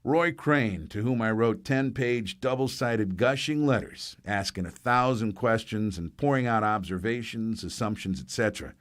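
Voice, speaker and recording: A man's voice: lowish voice, normal speed, few pauses. An older man reminiscing in a wry, plainspoken way in an archival interview. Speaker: cartoonist recalling his career.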